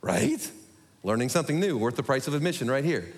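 A man preaching a sermon to his congregation, talking quickly with self-deprecating humor. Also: medium pitch, very animated. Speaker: pastor. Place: church sanctuary. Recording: echoey hall.

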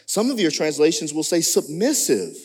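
A man preaching a sermon as pastor, animated, with sudden jumps in pitch. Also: moderate pace, breathy edge. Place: church sanctuary. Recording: long reverb of a church hall.

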